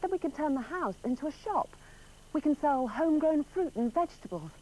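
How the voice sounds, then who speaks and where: An eager city newcomer. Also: female voice, sits high, animated, brisk, dark tone, low-quality recording. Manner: eager, gushing, persuasive. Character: enthusiastic young woman newly moved to the country. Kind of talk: scripted language-course drama.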